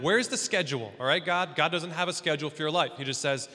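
A man with a somewhat high voice preaches to his congregation in a loose, animated, chatty way, dropping joking asides between points. His words ring out with a long reverb like a big church hall. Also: quick pace, few pauses. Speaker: pastor. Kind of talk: sermon.

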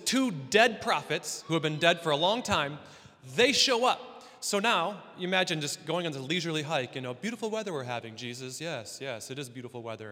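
A man's voice: on the high side, sharp tone. A man preaching a casual, playful sermon in a church hall, with joking asides. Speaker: pastor. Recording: long hall reverb.

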